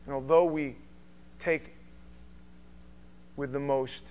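Animated man preaching a sermon. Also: medium pitch, slow pace. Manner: animated, acts out quotes with sudden loud bursts. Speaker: pastor.

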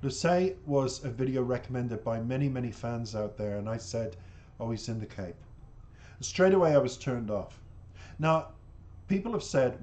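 A man's voice: medium pitch, lively intonation, moderate pace, a little mellow. A man giving casual, emotional reaction commentary to a music video, exclamatory and repeating himself as he talks to his viewers.

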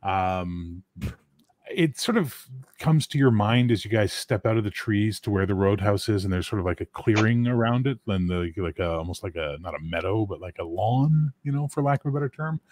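A man's voice: lowish voice, animated, moderate pace, a little mellow, no room sound. A man running a tabletop game as game master, narrating scenes loosely and correcting himself as he goes.

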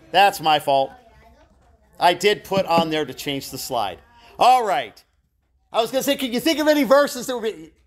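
A middle-aged man teaching a live church Bible class, telling personal stories in a chatty, self-deprecating way with asides to his listeners. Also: fairly high pitch.

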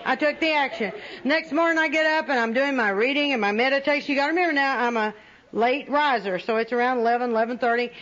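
A woman's voice: high voice, quick pace, fairly bright tone, some chatter behind. A woman speaking at a recovery meeting, telling personal stories with humor and often laughing at herself. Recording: dull lo-fi recording with faint audience.

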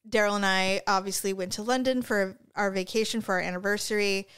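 A woman co-hosting a casual podcast, telling a travel story with lively quoted asides and frequent laughter. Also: medium pitch, a little fast, smooth. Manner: chatty storyteller, laughs often, acts out quotes. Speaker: podcast co-host. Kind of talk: casual chat. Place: indoor room with co-hosts. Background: live stream, a third person nearby.

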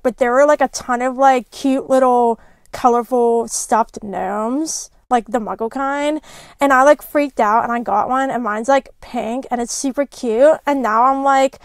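A woman's voice: high voice, dry recording. A young woman co-hosting a podcast, chatting with enthusiasm and lots of fillers. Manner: enthusiastic, valley-girl fillers, giggly. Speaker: podcast co-host. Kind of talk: casual chat.

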